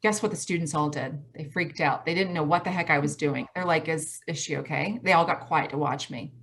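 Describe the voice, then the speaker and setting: Midwestern lady in her 40s on a video call, talks fast, lowish voice, keeps repeating her main points. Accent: Midwestern American. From Michigan, US Midwest. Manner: fast-talking, emphatic, repeats key phrases. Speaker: college president giving a talk. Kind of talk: motivational talk on a video call. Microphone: video call from home.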